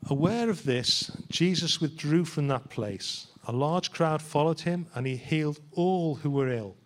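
Man, pastor, church sermon, slightly high voice, chatty, rhetorical questions. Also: measured pace.

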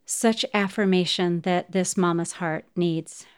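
A woman's voice: on the low side, steady tone, measured pace, clean tone. A middle-aged woman hosting a podcast, telling a personal story in a heartfelt way and speaking straight to her listeners. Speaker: podcast host.

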